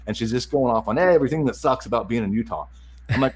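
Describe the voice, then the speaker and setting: A middle-aged man telling a story as a guest in a casual chat, animated, repeating words and acting out the dialogue. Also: medium pitch, fast, slightly rough, rough recording.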